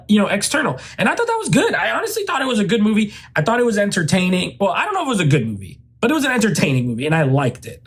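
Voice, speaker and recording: A man hosting his own channel, giving a loose, rambling spoken movie review full of "like" and "uh" fillers. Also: high voice. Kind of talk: casual spoken film review.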